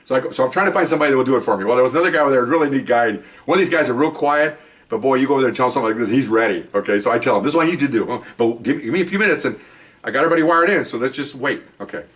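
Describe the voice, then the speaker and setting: A man's voice: medium pitch, lively intonation, very fast, distant mic. A man, older, telling stories from his police days in a casual monologue, acting out other people's lines and often laughing.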